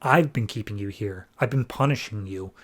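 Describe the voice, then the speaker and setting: A heartless young count who speaks in a flat, dismissive tone, as a man reads his lines in a casual retelling. The delivery stays matter-of-fact and barely changes from a plain speaking voice. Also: lowish voice, normal speed, natural voice. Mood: cold. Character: cold ruthless young male count villain.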